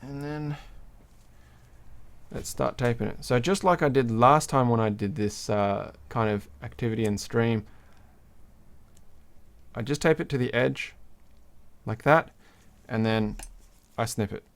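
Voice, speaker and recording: A man hosts a casual livestream from his workbench and explains each step as he works. He is chatty and relaxed in delivery, with a mid-range voice and the odd laugh. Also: mid-range voice, unhurried, creaky, pauses often, smooth. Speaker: livestream host. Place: home workbench.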